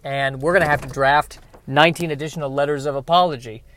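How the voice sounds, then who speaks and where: A man with a slightly high voice talks in a wry, sarcastic ramble as he drives. He speaks from inside a car, with faint traffic noise in the background. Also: fairly even intonation, fast, fairly bright tone. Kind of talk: rambling monologue while driving.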